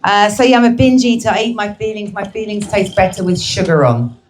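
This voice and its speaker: A woman's voice: mid-range voice, fairly quick, slight background noise. A woman performing a brash, crude stand-up comedy set, teasing the crowd at a live show.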